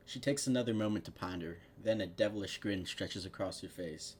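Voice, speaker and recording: Low-voiced man reading fanfic sarcastically. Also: fairly quick, husky. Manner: sarcastic, laughs and swears at the text. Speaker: fanfiction reader. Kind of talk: casual read-aloud with commentary.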